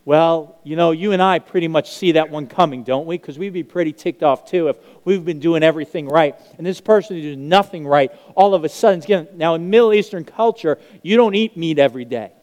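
A man preaching a sermon, telling a parable in an animated way and acting out the characters' lines. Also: on the high side, brisk, few pauses. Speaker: pastor. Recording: long hall reverb.

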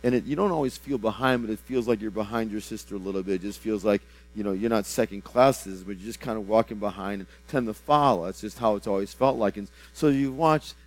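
A man in prophetic ministry speaks a personal word over someone. He is fervent and repeats phrases, swinging from loud bursts to soft, low drops and stumbling into restarts. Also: fast talker, few pauses, rough recording.

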